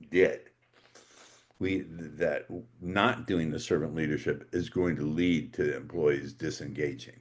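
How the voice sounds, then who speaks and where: A man hosting a podcast interview, talking in a relaxed, rambling way with jokes. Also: very deep voice. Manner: joking, rambling. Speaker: podcast host. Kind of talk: conversational interview.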